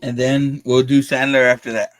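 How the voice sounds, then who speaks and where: A man's voice: medium pitch, little pitch movement, moderate pace, no room sound. Laughing, cursing podcast co-host man. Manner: laughs often, swears freely, lots of likes and restarts. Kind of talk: casual chat.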